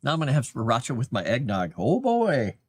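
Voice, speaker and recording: A man's voice: mid-range voice, expressive, racing, no echo. A man rambling casually on a livestream, chatting to his cat between thoughts.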